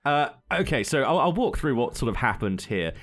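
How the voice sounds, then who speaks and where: Young podcast guy rambling thru a story, swears a lot, laughs a bunch, normal pitch. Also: big pitch swings, normal speed, fairly bright tone. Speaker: podcast co-host. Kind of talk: casual chat, storytelling.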